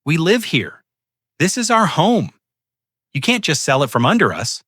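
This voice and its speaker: Picture a panicked grown daughter, shrieking and pleading in a raised, sharp storybook voice, as a man narrating puts her on. The dry, close sound keeps every cry right up front. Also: on the high side, huge pitch swings, measured pace, husky, dry recording, voice pushed up, heavily acted.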